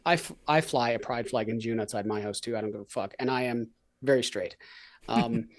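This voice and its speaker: A man's voice: mid-range voice, a little fast. A man from Canada hosting a podcast, talking in a laid-back, blunt way with frequent fillers. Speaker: podcast host. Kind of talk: casual conversation.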